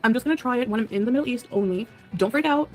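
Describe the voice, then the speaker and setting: Faint music plays behind a woman speaking rapid-fire in a high, slightly mellow voice. Replayed in a reaction, her archived stream shows her casually chatting, laughing off viewers' questions and staying evasive about personal matters.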